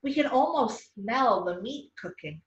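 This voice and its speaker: A woman's voice: a little high, expressive, measured pace, lo-fi sound. A woman voicing a crowd of hungry, thirsty wanderers who whine and accuse their leader, in a storybook read far from the mic in an echoey room. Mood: complaining. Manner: whiny, accusing.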